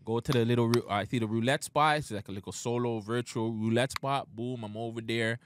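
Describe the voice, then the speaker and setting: A man co-hosting a podcast, telling a story in casual, profane chat and loudly acting out the quotes. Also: medium pitch, steady tone, brisk, background noise. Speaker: podcast co-host.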